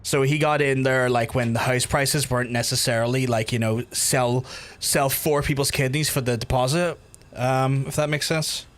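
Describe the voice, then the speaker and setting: A man's voice: mid-range voice, fairly even intonation, normal speed. A man with a Belfast accent who hosts a livestream, chatting casually with viewers, swearing freely and restarting sentences as he goes. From Northern Ireland. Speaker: livestream host.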